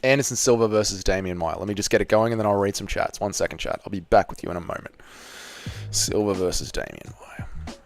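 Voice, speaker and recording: A man's voice: lowish voice, quick pace, faint music behind. A man hosting a live MMA reaction stream, chatting loosely with viewers and swearing freely.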